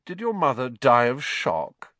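A man's voice: medium pitch, wildly swooping pitch, measured pace, sharp tone, no room sound, voice pushed up, full character voice. A man voicing a sneering, spoiled schoolboy bully with a lazy drawl. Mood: taunting.

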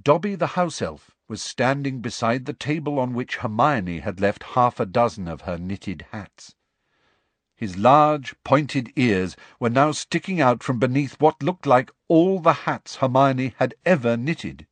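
Expressive man narrating a storybook. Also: unhurried, no echo. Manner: expressive storytelling with lively, varied pitch. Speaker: audiobook narrator. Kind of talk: scripted narration.

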